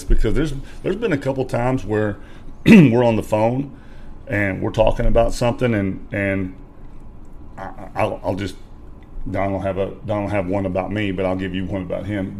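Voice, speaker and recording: A man's voice: lowish voice, slight background noise. A man, a podcast guest, telling a personal story in casual chat and acting out quotes with energy. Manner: animated storyteller who acts out quotes loudly.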